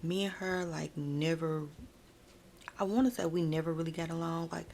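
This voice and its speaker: A woman's voice: low-pitched, normal speed, gravelly, a little mellow, slight background noise. A woman chatting through a casual ASMR storytime, talking straight to her viewers and using "like" a lot, close to the mic. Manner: chatty, frequent "like" and "y'all"; addresses viewers directly.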